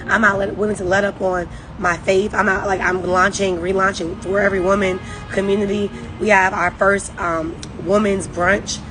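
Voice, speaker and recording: A woman's voice: medium pitch, little pitch movement, moderate pace, hardly any pauses, over music, rough recording. A woman leading a network marketing team, giving a rambling, emphatic, faith-driven pep talk on a phone livestream.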